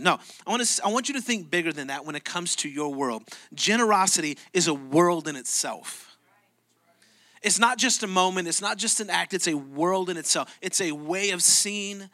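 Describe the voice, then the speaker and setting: Male pastor, bright tense tone, mid-high voice, conversational storytelling sermon. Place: church.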